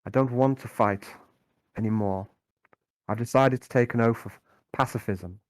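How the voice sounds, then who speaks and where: A man's voice: mid-range voice, normal speed, no echo, lightly acted. A man voicing an earnest, hesitant young woman of a religious order in a tabletop game. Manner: hesitant, stammering. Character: earnest young woman, a sister turning healer.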